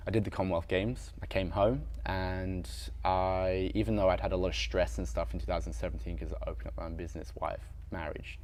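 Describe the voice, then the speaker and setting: A man's voice: low voice, a little mellow, slight background noise. A man, a strength coach and podcast guest, talking frankly and reflectively about himself in a casual, filler-heavy way. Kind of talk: candid conversational storytelling.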